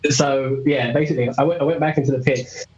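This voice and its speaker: Young man, British accent, chatty, rambling, laughs often, middle pitch, muffled audio. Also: fairly even intonation, quick pace, a little mellow. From Britain. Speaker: interview guest. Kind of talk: casual storytelling.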